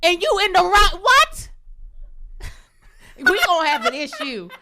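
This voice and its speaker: A woman co-hosting a comedy talk show, with loud, playful rants and lots of laughter. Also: very high-pitched, huge pitch swings, a little slow, very noisy. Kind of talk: casual comedic chat.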